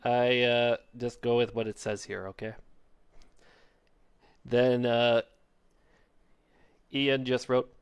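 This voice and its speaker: A man's voice: mid-range voice, flat delivery, slow pace, long pauses, clean tone, muffled recording. A man reading out written promos, offhand and hesitant. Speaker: promo reader.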